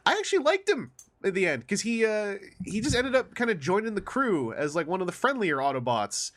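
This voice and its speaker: A man's voice: high voice, very animated, brisk, a bit bright. A man on a podcast panel, chatting casually and acting out quoted lines in exaggerated voices. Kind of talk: casual roundtable chat.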